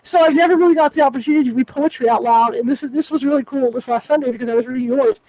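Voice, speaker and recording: Fast-talking high-voiced woman host. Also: a little mellow, no room sound, low-quality recording. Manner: chatty, frequent word repeats and restarts. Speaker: podcast host. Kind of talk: casual interview chat.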